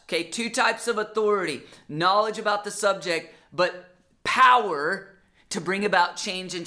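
A pastor preaching a sermon in an animated, conversational way, acting out quotes as he goes. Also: mid-range voice.

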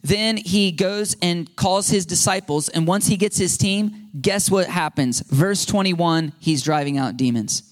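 A man preaching a sermon to a congregation, animated and questioning, often asking the listeners and adding right and okay. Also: high voice, measured pace, few pauses. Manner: animated, rising to shouts when quoting demons. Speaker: pastor.

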